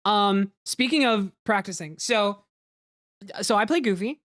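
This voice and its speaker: A woman hosting a casual commentary chat, animated and laughing often as she tells stories. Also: mid-range voice, a little slow, no room sound, clean studio sound. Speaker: fandub director and host.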